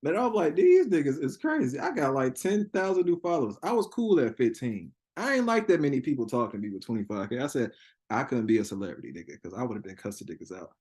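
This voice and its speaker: A young man telling a story in a casual interview, profane and animated, laughing often and acting out quotes. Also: mid-range voice, fast. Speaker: interview guest.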